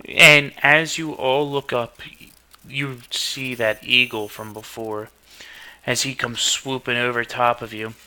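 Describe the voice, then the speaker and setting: A man's voice: mid-range voice, fairly even intonation, slow, bright, forceful tone. A man narrating as game master in a tabletop game, telling the scene in a loose, swearing way.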